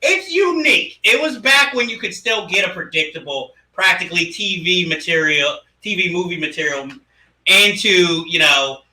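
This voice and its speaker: A man co-hosting a casual movie discussion podcast, animated and laughing often as he acts out lines. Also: sits high, normal speed, echoey room, distant mic, poor audio. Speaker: podcast co-host.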